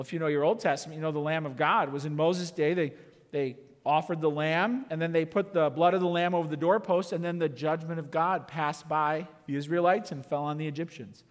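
A man's voice: sits high, a bit bright. A man preaching a sermon as pastor, emphatic, with many rhetorical questions. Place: church sanctuary. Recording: long church reverb.

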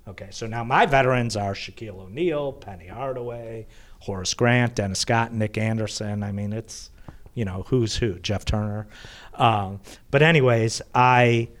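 Man telling a lively sports anecdote. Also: lowish voice, moderate pace. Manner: animated anecdote teller, laughs while talking. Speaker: sports PR executive. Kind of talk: podcast storytelling.

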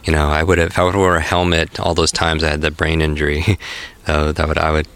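A man guiding a memory exercise in an upbeat, encouraging way and telling lively stories. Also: very deep voice, fairly quick, smooth. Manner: energetic, encouraging, animated storytelling. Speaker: memory coach guest.

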